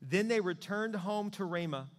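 Pastor, male, high-ish voice, lively preaching style, acts out voices, long hall reverb. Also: normal speed. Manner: animated preaching, acting out voices of God and people praying. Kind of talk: sermon.

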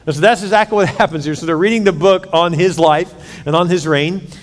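A pastor delivers a sermon in a big echoing hall, lively as he retells an old story and jumping into the characters' lines. His voice sits high for a man and moves briskly, with long reverb trailing behind.

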